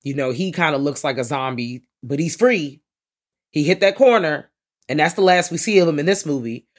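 A man co-hosting a podcast, recapping horror films in casual, animated chat full of slang and swearing. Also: fairly high pitch, normal speed. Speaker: podcast co-host.

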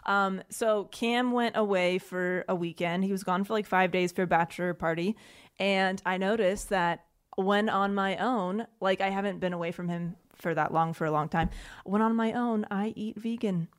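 A woman's voice: medium pitch, fairly even intonation, moderate pace, clean tone. Chatty woman in her late twenties, swearing freely. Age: late 20s. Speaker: podcast co-host. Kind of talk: casual chat.

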